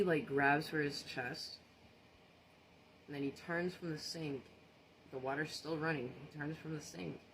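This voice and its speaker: Man, casual social media storyteller, earnest and rattled, mid pitch, steady background noise under the voice. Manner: earnest, shaken retelling with restarts and repeated phrases.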